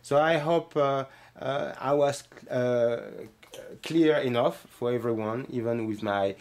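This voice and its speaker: A man's voice: mid-range voice, takes it slowly. A middle-aged man with a heavy French accent, a bootmaking instructor explaining his classes in an earnest, hesitant way with many fillers. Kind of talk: explaining classes in a promo walkthrough.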